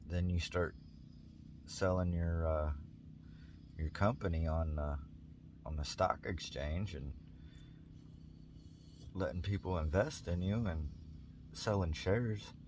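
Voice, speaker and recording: A man's voice: low-pitched, unhurried, pauses often, a little mellow, slight background noise. A man doing an eager, persuasive businessman. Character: eager American businessman giving advice.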